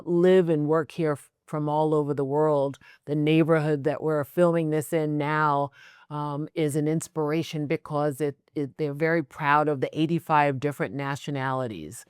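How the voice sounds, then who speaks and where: An American-accented podcast host talking in a thoughtful, measured way. The voice is smooth and clear, recorded close and dry. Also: mid-range voice, dry recording. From United States. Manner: thoughtful, measured, occasional fillers. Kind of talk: casual interview conversation.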